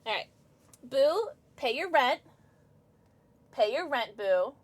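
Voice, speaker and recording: Woman, streamer, casual live chat, giggly, bubbly, high voice, very animated pitch. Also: breathy edge. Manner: bubbly, giggly, greets chatters rapidly. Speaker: Twitch streamer.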